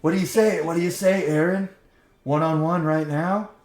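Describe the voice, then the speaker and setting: Cocky villainous dragon knight, put on by a male game master, bright and sneering, echoey room. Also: a little high, fairly even intonation, moderate pace, pitched above the performer's own voice, lightly acted. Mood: mocking. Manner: mocking, swaggering. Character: cocky taunting male dragon-rider commander.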